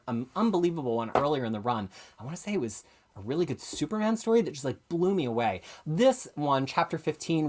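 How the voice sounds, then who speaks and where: Comics stream host rambling fast, super animated up and down, self-aware and chatty. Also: medium pitch. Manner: enthusiastic, opinionated. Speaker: comics review show host. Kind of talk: casual live-stream chat.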